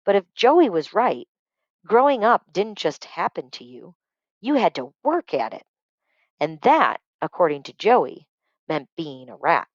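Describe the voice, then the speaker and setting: A woman's voice: fairly low pitch, sing-song, measured pace, no echo. A woman reading a children's book aloud expressively, stopping to explain words and checking in with "okay?". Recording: dry, dull muffled recording.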